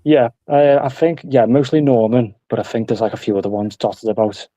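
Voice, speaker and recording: A man chatting casually as a guest on a live stream, relaxed and chatty. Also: medium pitch, fairly quick, no echo, muffled recording. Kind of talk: casual chat.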